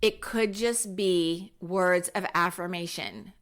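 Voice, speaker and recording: A woman's voice: expressive, unhurried, a bit bright. Upbeat, encouraging middle-aged woman podcaster. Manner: upbeat and encouraging, acts out quotes with big pitch jumps. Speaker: podcast host. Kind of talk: parenting podcast talk.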